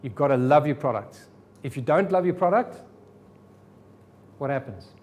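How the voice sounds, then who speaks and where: A man's voice: mid-range voice, animated, moderate pace, darkish tone. A man teaching a sales seminar to a live audience, firing rhetorical questions at the room. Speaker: sales trainer.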